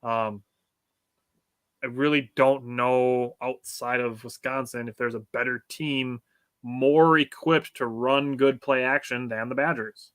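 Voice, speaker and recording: A man co-hosting a casual sports podcast, riffing on games and reading viewer comments aloud. His voice is bright and forward, recorded close and dry with no room sound. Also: mid-range voice, fairly even intonation, slow pace, no room sound. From United States. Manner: laughs often, reads chat comments aloud. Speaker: podcast co-host. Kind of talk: casual sports talk chat.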